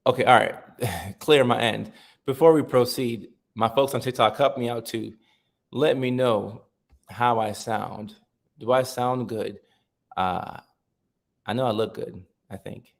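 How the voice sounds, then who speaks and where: A man hosting a casual livestream, chatting with viewers, reading their comments aloud and repeating himself in a relaxed way. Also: medium pitch, measured pace, creaky. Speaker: livestream host.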